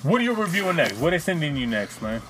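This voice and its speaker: A man's voice: fairly high pitch, quick pace, background noise. A man co-hosting a podcast, joking around and swearing freely in casual chat. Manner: profane, joking, animated. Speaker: podcast co-host.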